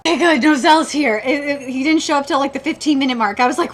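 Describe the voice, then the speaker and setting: A woman's voice: high voice, fast, hardly any pauses. A woman hosting a live anime reaction, ranting with exasperation and swearing freely as she checks details against the manga.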